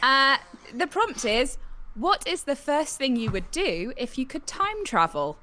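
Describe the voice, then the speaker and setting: A woman's voice: high-pitched, very animated, a little slow, sharp tone, a little hiss or hum. A woman co-hosting a live stream, reading out prompts in a giggly, enthusiastic way. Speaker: co-host giving prompts. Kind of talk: casual livestream chat.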